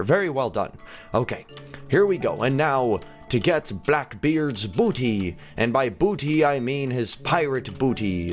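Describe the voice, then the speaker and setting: A man giving a chatty, joking playthrough commentary of a video game, reacting quickly and with excitement to what he sees. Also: medium pitch. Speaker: gaming commentator.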